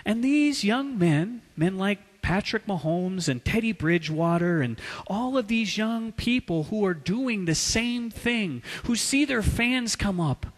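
Animated preacher with a lively voice. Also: male voice, sits high, a little slow, few pauses, big-room sound. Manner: dramatic swings between loud preaching and hushed asides. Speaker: pastor. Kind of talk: sermon.

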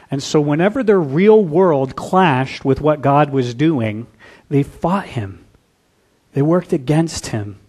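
A man's voice: medium pitch, a little mellow, breathy edge. A man preaching a sermon as pastor, throwing rhetorical questions at the congregation.

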